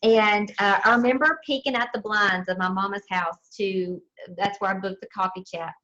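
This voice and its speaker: A woman with a Southern US accent, a sales director telling her team her story in a chatty, expressive motivational talk. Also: mid-range voice, moderate pace, muffled recording. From southern United States. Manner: chatty and expressive, addresses listeners as y'all.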